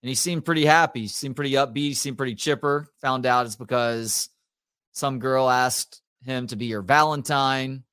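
A man co-hosts a relaxed sports talk show. He tells stories about his family with animated energy, and his voice sits at a middle pitch. The recording is dry and close to the mic. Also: moderate pace, clean tone, no room sound. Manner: storytelling, animated retelling of family anecdotes. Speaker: podcast co-host.

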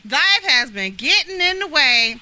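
A woman's voice: sits high, sing-song, unhurried, sharp tone. A woman, co-hosting a casual podcast chat in a playful, hyper way and laughing a lot. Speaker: co-host.

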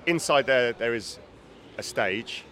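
A man's voice: mid-range voice, expressive, slow, fairly bright tone, a little hiss or hum. A man hosting a podcast, chatting and asking friendly questions in a casual outdoor interview. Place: outdoors on a street.

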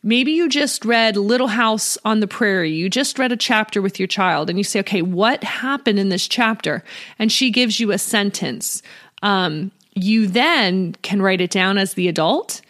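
A woman's voice: medium pitch, lively intonation, normal speed, fairly bright tone. A woman in her thirties hosting a homeschool podcast, explaining teaching steps in a friendly, chatty way. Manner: friendly, explanatory, uses "you know" and "right?". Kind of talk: casual instructional talk.

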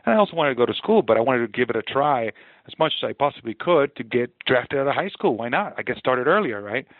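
A man in his forties, a former ballplayer, telling his story in an interview with earnest, animated energy and frequent repeated phrases. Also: mid-range voice, fast talker, no echo. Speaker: podcast guest, former baseball player. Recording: dry, narrow phone-like sound.

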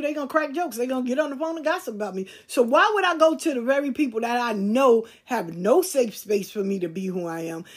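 Her voice sits fairly high and has a slight roughness. This middle-aged podcast host lectures her audience head-on in a candid monologue, preachy, blunt, and emphatic, with plenty of swearing.

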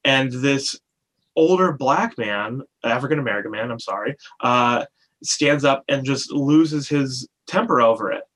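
A man telling stories in a relaxed interview. He acts out the people in his stories, and his voice jumps up in pitch when he quotes them. He talks in a loose, animated way, full of restarts. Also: unhurried. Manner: animated storyteller, acts out customers with a raised voice. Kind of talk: casual interview chat.

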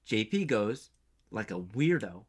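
A young man co-hosting a podcast, telling a story in animated, argumentative banter and laughing often. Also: high-pitched, normal speed. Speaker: podcast co-host. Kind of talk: casual comedic banter.

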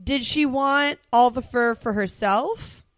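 A young adult woman co-hosting a casual podcast chat, animated and quick to act out quotes. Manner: animated, acts out quotes in a high voice. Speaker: podcast co-host.

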